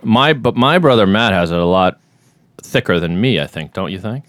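Low, animated man with a Boston accent. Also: moderate pace, no echo, studio quality. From Boston area. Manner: animated, jokey, swears freely. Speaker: podcast host. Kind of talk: casual podcast banter.

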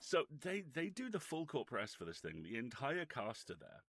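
A man's voice: mid-range voice, huge pitch swings, moderate pace, fairly bright tone, no echo. A man, a podcast co-host, telling a rambling, sweary anecdote with wry humour.

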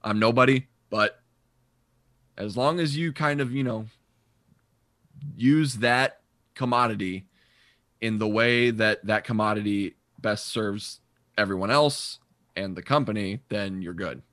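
A man with a fairly low, forceful voice argues his point in a casual podcast chat. He talks emphatically and trips over his words as he goes. The sound is dry and close, with little room in it. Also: a little slow, pauses often, dry recording. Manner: opinionated, emphatic, stumbles and restarts.

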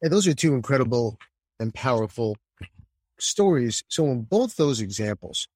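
A man hosting an interview, asking long, measured follow-up questions. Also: medium pitch, big pitch swings, a little mellow, no echo. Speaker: podcast host.

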